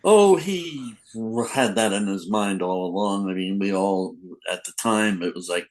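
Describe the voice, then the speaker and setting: A man's voice: sits low, animated, unhurried, hardly any pauses, a little mellow, rough recording. An older man, a comic book editor, telling rambling anecdotes in a casual podcast interview, acting out quotes.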